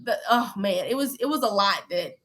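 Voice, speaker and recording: A woman's voice: medium pitch, lively intonation, normal speed, fairly bright tone. A woman guest in an interview, recounting events with emphatic repetition and acted-out quotes. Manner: emphatic, repeats phrases, acts out quotes. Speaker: reality show contestant guest. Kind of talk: candid interview storytelling.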